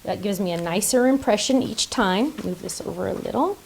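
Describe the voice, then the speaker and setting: A woman's voice: mid-range voice, fairly quick, vocal fry, darkish tone, slight background noise, low-quality recording. A woman hosting a casual card-making tutorial, chatty and playful, making silly sound effects and joking about herself. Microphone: top-down camera setup.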